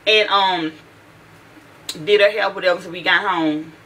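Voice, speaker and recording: A woman's voice: on the low side, fairly even intonation, unhurried, fairly bright tone, a little hiss or hum, low-quality recording. A mother telling a heated, profane story about her teenage daughter in a casual vlog, with lots of restarts.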